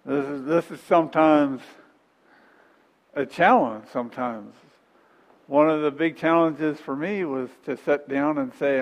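A man's voice: fairly high pitch, unhurried, pauses often, big-room sound, muffled recording. A middle-aged man preaching a sermon in a folksy, conversational way, repeating phrases and chuckling between points.

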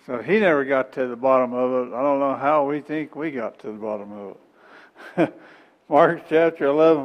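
A man's voice: mid-range voice, in a large hall, muffled recording. A middle-aged man preaching a sermon in a folksy, conversational way, repeating phrases and chuckling between points.

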